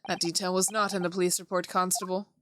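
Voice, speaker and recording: A woman's voice: on the low side, flat delivery, quick pace, noisy background, pitched below the performer's own voice, close to an everyday voice. A woman putting on a stern old male judge. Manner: stern and formal.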